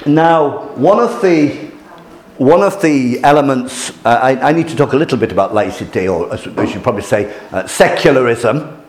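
A man's voice: mid-range voice, animated, normal speed. Hesitant male lecturer in a roomy hall. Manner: hesitant, many restarts and fillers, chuckles at his own jokes. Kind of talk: informal lecture showing photos to a class.

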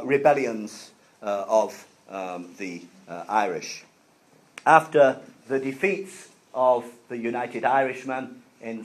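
A man's voice: mid-range voice, poor audio. Man lecturing with many filler sounds. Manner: halting, many fillers and restarts, explains simply for learners. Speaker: teacher. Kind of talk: classroom history lecture.

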